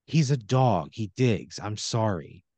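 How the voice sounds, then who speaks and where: A man's voice: on the low side, sing-song, slow, a little mellow, dry recording, heavily acted. A man voicing a prim, stubborn woman neighbor who is curt and coolly polite.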